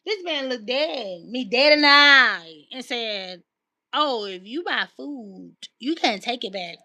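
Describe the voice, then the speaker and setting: Animated, bright-voiced woman storyteller. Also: on the high side, slow pace, slight background noise. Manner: animated, exasperated retelling with quoted dialogue. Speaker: livestreamer. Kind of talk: casual storytelling to viewers.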